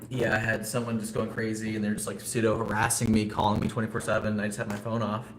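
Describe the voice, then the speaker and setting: A man's voice: lowish voice, monotone, quick pace, reverberant, a little hiss or hum. A man casually chatting with viewers on a live stream, rambling with lots of fillers and no regional accent. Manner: rambling, talks to chat viewers, frequent fillers. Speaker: vlogger.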